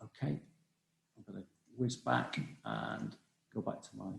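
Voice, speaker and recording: A man presenting a webinar over a video call, talking quickly with many restarts and fillers. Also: on the low side, wildly swooping pitch, gravelly, roomy sound. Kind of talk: live webinar talk on cybersecurity.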